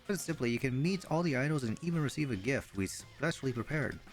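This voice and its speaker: A man's voice: medium pitch, animated, fast talker, faint music behind, close to an everyday voice. A man reading the lines of a cheerful young woman pop idol in an upbeat, friendly way.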